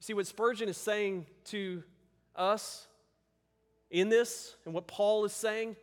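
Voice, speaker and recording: High-voiced earnest male pastor preaching. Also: steady tone, slow, long reverb tail. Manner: earnest, emphatic, repeats words for stress. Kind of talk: sermon.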